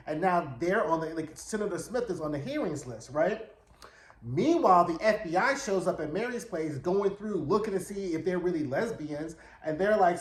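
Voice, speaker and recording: A TV recap reviewer with a high-sitting voice gives a sassy, slangy, chatty rundown of an episode, putting on quoted voices as he replays scenes. It's casual commentary recorded in an echoey room.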